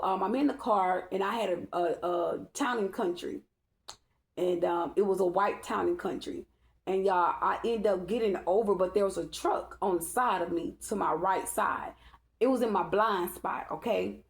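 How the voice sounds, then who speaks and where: A woman talks straight to her followers in a rambling, emphatic way. She repeats herself and keeps asking "okay?" Her voice sits at a middle pitch and rings around an echoey room. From Dallas-Fort Worth area, Texas. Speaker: spiritual reader. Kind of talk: casual storytelling to her followers.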